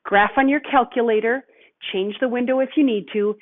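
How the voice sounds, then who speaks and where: A woman's voice: on the high side, moderate pace. Woman math teacher, patient step-by-step explainer, thin phone-like sound quality. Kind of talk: recorded lesson walkthrough. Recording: tinny phone-like audio.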